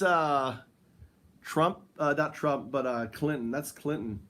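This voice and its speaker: A man's voice: medium pitch, slow pace, a bit bright. Man, livestream host, casual rambling chat, talks to viewers, at home on the floor.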